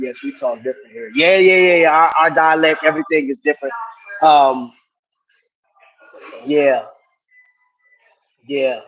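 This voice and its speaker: Laid-back man chatting on a lo-fi stream. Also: medium pitch. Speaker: watch reviewer and livestream host. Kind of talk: casual livestream chat. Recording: dull lo-fi stream audio.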